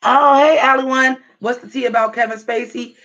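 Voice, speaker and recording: Talking straight to his viewers at a normal speed, a high-voiced man on a livestream chats and rants casually, animated and heavy on profanity. He's a livestream vlogger, and the sound is dull and lo-fi.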